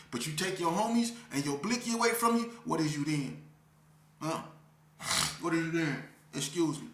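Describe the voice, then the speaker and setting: A man telling an emotional story of his past as an interview guest, talking intensely in street slang and repeating himself, swinging from near shouts down to a low voice. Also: echoey room. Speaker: interview guest recounting prison life.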